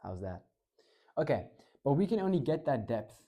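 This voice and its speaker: A man coaching public speaking in a casual teaching talk, swinging between excited and slow, low delivery. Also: muffled recording. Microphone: clip-on mic.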